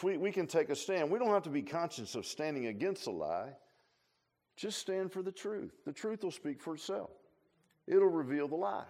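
A man preaching in a relaxed, talky way, circling back on his own words and slipping in small jokes. His voice sits a touch higher than most men's. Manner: folksy, repeats and restarts phrases, humorous asides. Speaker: pastor. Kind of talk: conversational sermon.

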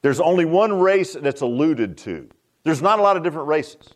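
A man's voice: a little high, expressive, normal speed. A man preaching a sermon, folksy and joking, often asking the congregation questions. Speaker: pastor.

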